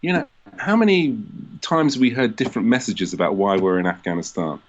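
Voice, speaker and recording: A man with a British accent and a baritone voice, answering interview questions as a historian, making his points with a dry, self-deprecating laugh. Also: sing-song, a little fast, muffled recording. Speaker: historian guest.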